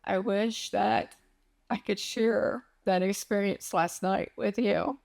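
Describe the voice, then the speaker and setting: A woman talking to her viewers in an emotional personal vlog, speaking haltingly as she holds back tears. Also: mid-range voice, fairly even intonation, creaky, a little mellow. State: close to tears. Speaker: spiritual vlogger.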